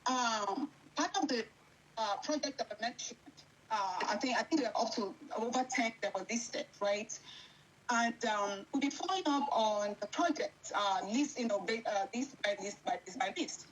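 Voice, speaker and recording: A woman's voice: a little high, normal speed, a little hiss or hum, poor audio. A Nigerian woman guest on a talk show, speaking hesitantly with many fillers and restarts.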